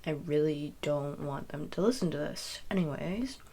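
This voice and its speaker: A woman's voice: low voice, expressive, moderate pace, mellow. A young woman telling a personal story in a casual, rambling way, full of fillers and self-corrections. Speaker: podcast host.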